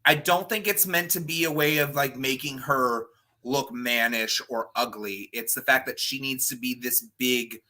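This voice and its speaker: A man as a guest drag performer and cosplayer, in casual interview chat, animated and chatty with quick asides. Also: mid-range voice.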